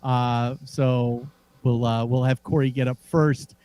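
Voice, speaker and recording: A man's voice: mid-range voice, slow pace, a little hiss or hum. A man co-hosting a casual sports podcast, telling rambling stories with lots of restarts. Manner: animated, rambling with restarts and laughs. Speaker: podcast co-host.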